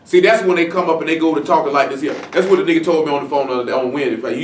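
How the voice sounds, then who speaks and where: A man preaching a Bible-study sermon in a casual, blunt way, full of slang and rhetorical questions, and slowing down to stress the scripture he reads. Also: fairly high pitch, a little hiss or hum. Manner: slow, stressed reading of scripture. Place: congregation meeting room. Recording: echoey room from a distant mic.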